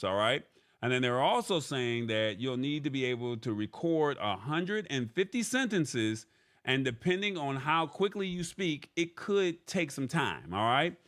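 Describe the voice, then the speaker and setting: A man's voice: mid-range voice, fairly bright tone. A man hosting a casual tech show in an ordinary mid-range voice. He paraphrases what he reads in a loose, chatty way. He keeps checking in with "all right?" after his points. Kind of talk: casual live-stream tech talk.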